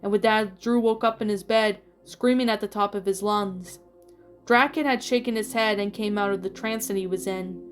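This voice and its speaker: A woman reading a fan fiction story aloud in a steady storytelling voice with small slips. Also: medium pitch, normal speed, clear, resonant tone. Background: faint music.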